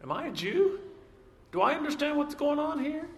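A man's voice: extremely high pitch, very animated, normal speed, a bit bright, pitched above the performer's own voice, full character voice. A man preaching acts out an exasperated Roman governor, firing off baffled, impatient questions in a raised voice. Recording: echoey hall, faint background noise.

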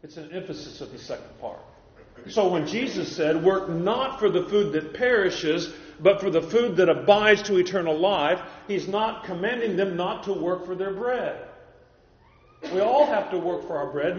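A man's voice: sits high, normal speed. A man preaching an expository Bible sermon, emphatic and quoting scripture, recorded in a church hall. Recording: echoey hall, dull lo-fi sound.

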